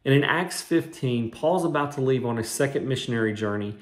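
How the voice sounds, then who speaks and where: A man's voice: medium pitch, lively intonation, fairly quick. A man who is a minister, giving a short devotional sermon in an earnest, conversational way and weaving in scripture quotes. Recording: roomy echo.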